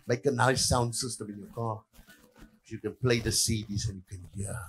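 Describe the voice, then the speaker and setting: A male pastor preaching a sermon, moving between quiet passages and louder lines, with repeated hallelujahs. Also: on the low side, fairly even intonation, normal speed.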